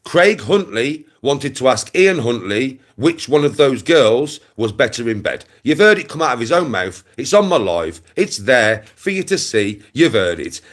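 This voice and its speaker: A young man ranting straight at his livestream audience. His pitch sits in the middle but swings widely as he hammers the same insults again and again. The talk is rough, aggressive and full of swearing. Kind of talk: angry rant to camera.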